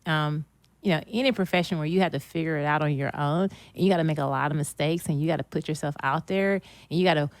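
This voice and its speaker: Earnest motivational woman, low voice. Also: fast, no echo. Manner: earnest, motivational, repeats phrases. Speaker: guest, dietitian and author. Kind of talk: casual interview chat.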